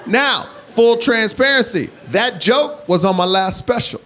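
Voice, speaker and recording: High-voiced male comic, animated. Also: unhurried. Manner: animated storytelling that builds to shouts. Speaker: stand-up comedian. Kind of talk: stand-up comedy. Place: comedy club stage. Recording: live club set with crowd laughter. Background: audience laughter and room hiss.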